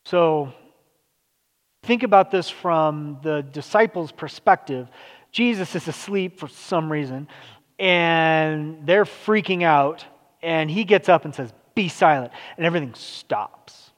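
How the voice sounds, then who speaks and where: A man's voice: on the high side, slow pace. A man preaching a sermon in a loose, conversational way, full of fillers and restarts. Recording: long hall reverb.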